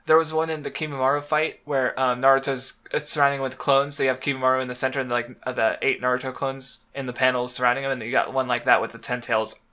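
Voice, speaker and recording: A man's voice: mid-range voice, bright, forceful tone. A young man co-hosting a casual manga podcast, rambling with many fillers and restarts. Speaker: podcast co-host.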